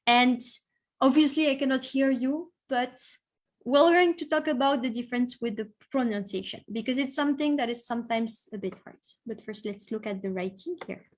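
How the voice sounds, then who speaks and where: A woman teaching an online class, encouraging students and modelling pronunciation slowly. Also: a little high. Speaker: French teacher.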